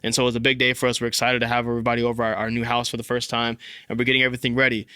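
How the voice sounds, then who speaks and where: A young man hosting a fatherhood podcast, telling a personal story in casual, animated speech full of "like" and "bro.". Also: medium pitch, racing, smooth, dry recording, studio quality. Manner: animated, filler-heavy, says "like" and "bro" often. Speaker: podcast host.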